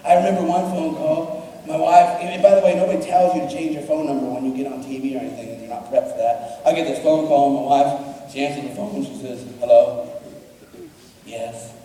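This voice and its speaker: A man giving an animated, joking storytelling talk to a school assembly. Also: on the high side, fast talker, a little hiss or hum. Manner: acts out voices in his anecdotes, jokey. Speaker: motivational speaker at a school assembly. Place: large school hall or gym. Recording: echoey hall from far off.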